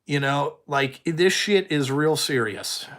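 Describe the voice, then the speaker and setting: A man's voice: a little high, lively intonation, slow pace, fairly bright tone. Blunt, swearing man chatting with viewers. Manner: blunt, heavy swearing, rambling. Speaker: trucking company owner. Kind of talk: casual livestream chat answering viewers.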